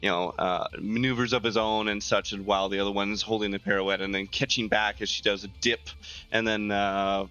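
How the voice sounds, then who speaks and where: A man's voice: lowish voice, level tone, brisk, pushed and bright, clean tone, soft background music. A man playing a tabletop game, describing his character's actions in a rambling, filler-heavy way. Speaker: player.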